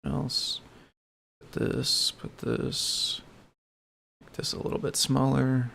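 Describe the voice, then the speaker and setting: A man hosting a casual livestream, talking softly and a bit mumbled into a desk microphone. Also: mid-range voice, flat delivery, slow, creaky. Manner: mumbling, soft-spoken. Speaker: livestream host.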